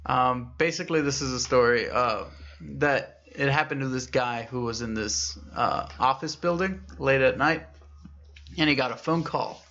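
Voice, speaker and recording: Male co-host, mid-pitched voice, easygoing and quick to laugh, dull lo-fi recording. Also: fairly bright tone. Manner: laughs often, reacts with drawn-out "oh"s. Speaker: podcast co-host. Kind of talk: casual chat, storytelling. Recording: dull lo-fi podcast audio.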